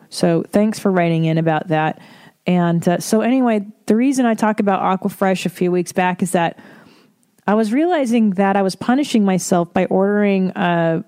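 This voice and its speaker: Candid, profane woman podcast host. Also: medium pitch. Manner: candid, profane, animated storytelling. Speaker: mother. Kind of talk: casual solo podcast chat.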